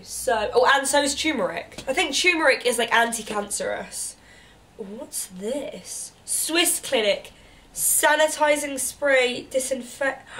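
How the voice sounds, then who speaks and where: Bubbly high-voiced woman, stuffy nose. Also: fairly bright tone. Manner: bubbly, chatty, gasps and coos at each item. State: congested with a cold. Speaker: beauty vlogger. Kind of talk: casual unboxing chat.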